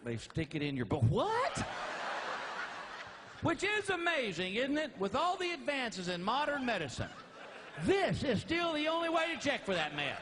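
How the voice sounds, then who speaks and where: A man's voice: very high voice, wildly swooping pitch, moderate pace, background noise. A man, telling a stand-up comedy story and acting out both sides of the dialogue. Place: theater stage with a laughing audience. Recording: live stage recording, audience laughter.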